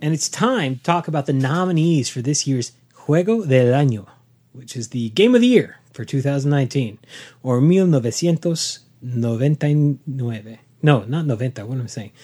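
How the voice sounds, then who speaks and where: A man's voice: on the high side, lively intonation, moderate pace, warm tone, husky. A man co-hosting a podcast, reading board game news in a playful way and joking around. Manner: playful, quotes movie lines and jokes around. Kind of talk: casual chat about board game news.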